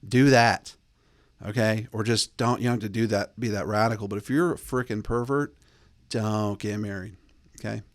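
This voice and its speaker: A man's voice: steady tone, normal speed, dry recording, studio quality. Blunt man lecturing on dating rules. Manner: blunt, bossy, mocks texts in a high put-on voice. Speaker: host. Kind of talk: casual advice monologue.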